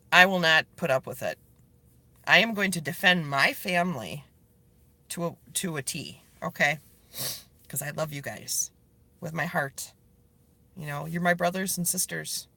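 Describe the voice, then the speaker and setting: A woman talks straight to her online viewers in a casual livestream, earnest and pleading as she answers their comments. Her voice is bright and swings widely up and down in pitch. The sound is dry and close, with no room echo. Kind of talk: casual live video chat, reading viewer comments.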